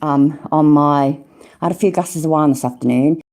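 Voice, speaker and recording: A woman's voice: sits low, moderate pace, darkish tone. A woman in her forties hosting a livestream, a little tipsy, chatting casually, swearing freely and laughing often. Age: 40s. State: tipsy from drinking. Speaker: livestream host.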